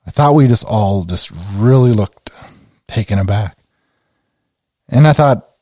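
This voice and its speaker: A man hosting a podcast, giving a casual game recap and excitedly retelling his own reactions in a conversational way. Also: fairly low pitch, measured pace, long pauses, no echo, studio quality. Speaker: podcast host.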